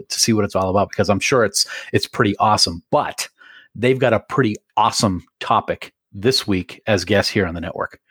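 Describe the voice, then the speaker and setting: A man's voice: fairly low pitch, a bit bright, no room sound, studio quality. A man co-hosting a casual podcast, joking around and laughing often as he reads out contact details and sponsor spots. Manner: jokey, laughs often, reads ads and calls to action. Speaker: podcast co-host.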